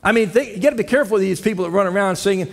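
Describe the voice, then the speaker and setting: A man's voice: high-pitched, racing, gravelly. A man preaching a folksy sermon to his church, telling jokes and asking the congregation questions. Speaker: head elder preaching. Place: church sanctuary. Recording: long church hall reverb.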